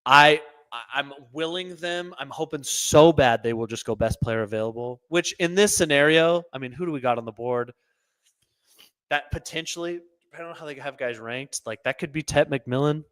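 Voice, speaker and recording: A man's voice: a little high, normal speed, a bit bright, clean tone, no room sound. A man hosting his own show, giving opinionated solo sports commentary that often turns into a rant. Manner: opinionated, rants, repeats himself.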